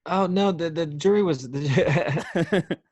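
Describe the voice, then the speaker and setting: A man's voice: fairly high pitch, takes it slowly, darkish tone, husky, no room sound, studio quality. Joking, rambling man on a podcast. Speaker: podcast guest. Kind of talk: casual chat.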